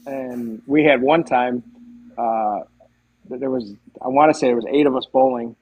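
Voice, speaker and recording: A man as a podcast guest, telling stories in a casual, animated way and acting out the dialogue. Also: mid-range voice, normal speed, phone-quality sound. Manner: animated, acts out quoted dialogue. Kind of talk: casual storytelling.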